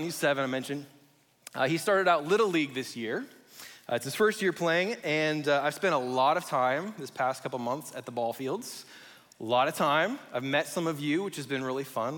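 A man in his thirties preaching a sermon, explaining scripture and telling stories with acted-out quotes. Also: fairly high pitch. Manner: animated storyteller, acts out quotes. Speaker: pastor. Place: church sanctuary. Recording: long hall reverb.

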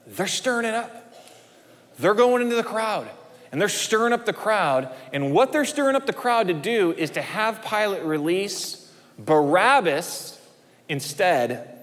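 A male pastor preaching a sermon, swinging his emphasis up and dropping low at the ends of phrases. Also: a bit bright, in a large hall.

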